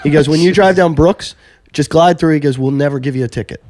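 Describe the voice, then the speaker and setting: A man's voice: on the high side, fast talker, darkish tone, no room sound. A man hosting a podcast, chatting casually and acting out the people in his stories. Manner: acts out both sides of his stories in quoted voices. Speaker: podcast host. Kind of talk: casual chat, storytelling.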